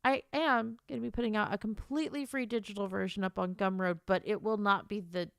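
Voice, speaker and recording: A woman streamer and author chats casually with her live-stream viewers, teary and crying on and off, yet laughing and rambling too. Her mid-range voice is brisk, creaky and smooth, with fairly even intonation. The recording is clean studio sound with no echo.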